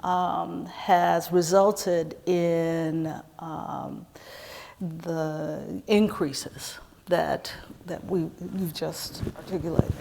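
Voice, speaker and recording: A woman moderating a public onstage conversation, asking long questions in a measured, careful way with many fillers. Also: on the low side, fairly even intonation, creaky, dark tone, slight background noise. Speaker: interviewer, moderator. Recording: echoey hall reverb.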